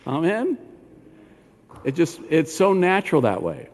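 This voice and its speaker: An older man, a rabbi preaching a sermon in a synagogue, animated and talking straight to the congregation with questions. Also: on the high side, a little slow, pauses often. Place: synagogue sanctuary. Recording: long hall reverb.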